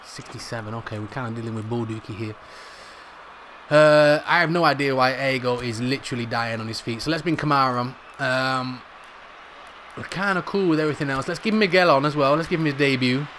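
A young man commentating live on his own football video game match, excitable and jokey, swearing mildly and shouting at near misses. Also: medium pitch, fairly quick, slight background noise. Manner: excitable, shouts at big moments; calls players "brothers", mild swearing. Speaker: gaming YouTuber.

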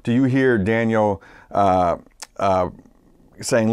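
A man's voice: on the low side, measured pace, darkish tone, clear, resonant tone, no room sound, clean studio sound. A man preaching a sermon as a pastor, in a conversational way with frequent fillers and restarts. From Massachusetts, United States.

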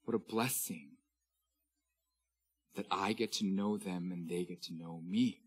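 A man in his thirties preaching a sermon as pastor, swinging from loud, declaimed scripture readings to hushed, intimate asides. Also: low-pitched, unhurried, husky, faint music behind.

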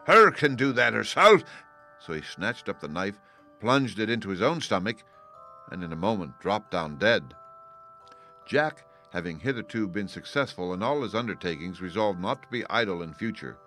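A man reading a fairy tale aloud as an audiobook narrator, in a steady, even storytelling manner. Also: low-pitched, moderate pace, soft background music.

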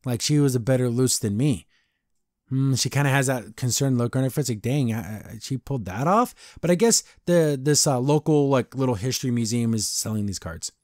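A young man hosting a podcast, casually recapping a cartoon episode and voicing the characters in quick impressions, with frequent restarts. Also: medium pitch, darkish tone, dry recording, studio quality. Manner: retells scenes with quick voiced impressions, restarts and stammers. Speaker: podcast host.

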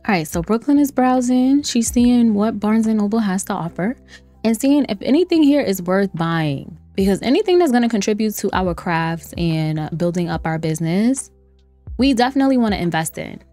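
Warm and expressive, this woman's mid-range voice moves at a moderate pace. As a gameplay streamer doing casual, playful let's-play commentary, she speaks directly to viewers, teases the game's characters, and laughs often over faint lo-fi music.

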